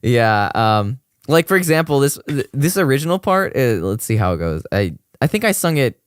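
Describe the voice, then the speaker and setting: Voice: mid-range voice, big pitch swings, normal speed, smooth, dry recording, clean studio sound. A young adult streamer chatting casually with viewers, rambling with lots of fillers and laughing often. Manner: giggly, laughs often, gushing. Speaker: streamer reviewing a cover mix.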